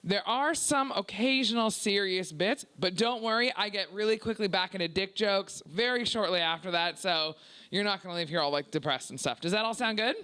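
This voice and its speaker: A young Canadian woman with a Canadian accent doing a stand-up set in a small comedy club. She is loud and brash, swears freely and teases the crowd. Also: mid-range voice, brisk, clear, resonant tone. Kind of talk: stand-up set at a work-in-progress preview. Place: small comedy club before a live audience.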